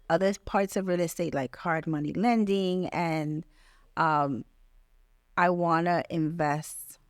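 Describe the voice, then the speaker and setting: A woman's voice: deep voice, dry recording, clean studio sound. A woman real estate agent as a guest on a casual podcast interview, talking in an earnest, emphatic way with many restarts.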